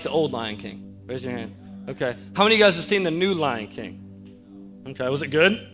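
A man's voice: fairly high pitch, fairly bright tone. A young man preaching a youth sermon with energy and rallying repetition, ending in a prayer. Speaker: youth pastor. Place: church youth event hall.

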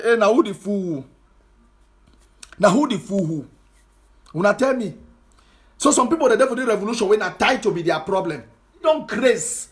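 A man's voice: sits high, a bit bright. A man with a Cameroonian Pidgin English accent delivering an impassioned social media monologue, scolding his audience with repeated rhetorical questions. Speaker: political commentator.

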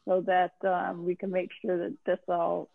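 A woman hosts an interview in an unhurried, eager way, stretching out her words. Her voice comes through a thin, phone-like line. The sound is dry, with no room around it. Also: fairly low pitch, completely flat delivery, gravelly, no echo. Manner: slow and enthusiastic. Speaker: host. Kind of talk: casual interview chat.

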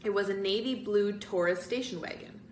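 A woman's voice: mid-range voice, brisk, recorded from a distance, slight background noise. Woman reading a spooky children's book. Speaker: story-time reader. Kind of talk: children's book read-aloud. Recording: roomy echo.

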